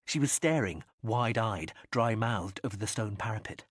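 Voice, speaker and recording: Expressive man narrating an audiobook. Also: lowish voice, moderate pace, husky, no room sound, studio quality. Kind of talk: scripted narration.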